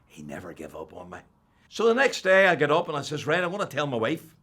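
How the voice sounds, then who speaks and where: An older man with a Northern Irish accent, telling his personal faith testimony as an animated storyteller who drops to a hush and then rises loud. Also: mid-range voice, fairly quick. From Northern Ireland. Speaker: testimony speaker.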